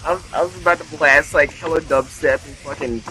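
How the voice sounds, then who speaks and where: A young man in his twenties, co-hosting a casual late-night podcast over a remote call, telling an animated story and swearing freely while acting out quotes. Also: a little high, brisk, soft background music, poor audio. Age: 20s. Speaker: podcast co-host.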